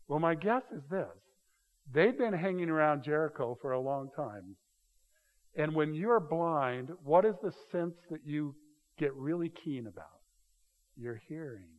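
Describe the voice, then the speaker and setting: A middle-aged man preaching a sermon, telling the story with animated delivery and acted-out voices. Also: fairly high pitch. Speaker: pastor. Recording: long hall reverb.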